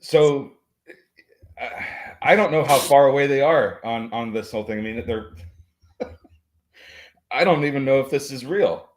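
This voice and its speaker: A man co-hosting a stock market show, giving his views in a halting way with many fillers and dry joking asides. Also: medium pitch. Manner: halting, many fillers and restarts while thinking aloud. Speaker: co-host and market commentator. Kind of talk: casual market chat.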